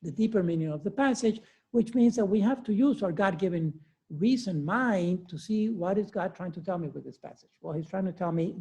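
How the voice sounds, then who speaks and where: A man's voice: sits high, moderate pace, vocal fry, darkish tone. A man in his sixties giving a university lecture in a cold classroom, talking conversationally with frequent fillers and chuckles. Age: 60s. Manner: conversational, chuckles often, many fillers and restarts. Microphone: lecture recording with remote attendees.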